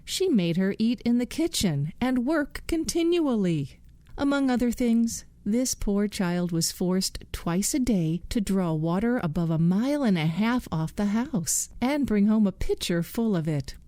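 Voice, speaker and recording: A woman reading a bedtime fairy tale slowly and soothingly. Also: medium pitch, warm tone, no room sound. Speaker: bedtime storyteller. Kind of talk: scripted bedtime narration.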